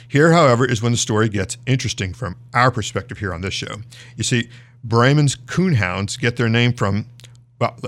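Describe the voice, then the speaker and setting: A man with a lowish voice and a gravelly, creaky edge walks through the news of the day. He reads casually, stopping for fillers and restarts, and talks the listener through each story like a host. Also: a bit bright. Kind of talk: casual news commentary, reading stories aloud.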